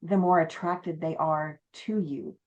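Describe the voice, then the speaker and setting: In a relaxed interview, the owner of a haunted inn tells her stories with animation, performing each quote. Her voice is deep and measured, and the audio has its high frequencies cut off.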